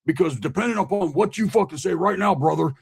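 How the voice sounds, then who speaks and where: A man voicing a hot-headed male convict friend in a hospital bed, shouting and swearing. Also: high voice, lively intonation, quick pace, creaky, breathy edge, voice pushed up, heavily acted. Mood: angry threatening. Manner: shouting, profane, threatening.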